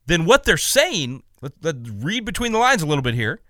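A male talk radio host with a bright, ringing voice, pitched a little high, that swings widely up and down as he argues. He talks in an emphatic, indignant way, often stumbling over repeated words, in a dry, close sound. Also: very animated, fairly quick, few pauses, dry recording. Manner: emphatic and indignant, stammering restarts. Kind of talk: opinionated talk radio commentary.

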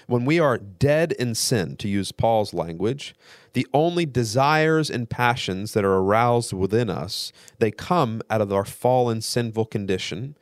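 A man guest-hosting a radio show, giving an earnest, measured theological teaching talk that builds through repetition. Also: fairly low pitch, no room sound, clean studio sound.

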